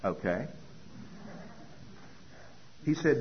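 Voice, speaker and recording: A man's voice: on the low side, fairly quick. Guy sharing his recovery story, voice swings up and down, dull lo-fi recording w/ faint hiss. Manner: animated storytelling, acts out dialogue. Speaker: speaker at a recovery meeting. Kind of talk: personal recovery talk.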